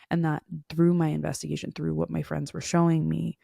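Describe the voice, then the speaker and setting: A woman's voice: sits low, flat delivery, a little fast, gravelly, few pauses, warm tone, no room sound, studio quality. A woman hosting a podcast, telling a frustrated story in a casual monologue full of fillers. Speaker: podcast host.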